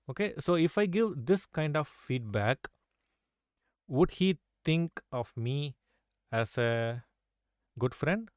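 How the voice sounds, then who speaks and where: A man's voice: on the high side, animated, slow pace, long pauses, no room sound. Man coaching chess, dry close voice. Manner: coaxing, asks students rhetorical questions with tag "right?". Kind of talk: live online chess lesson.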